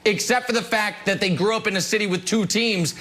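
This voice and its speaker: A man's voice: high-pitched, fairly even intonation, a little fast, bright, forceful tone. A man hosting a heated sports debate, sarcastic and incredulous, stumbling over restarts.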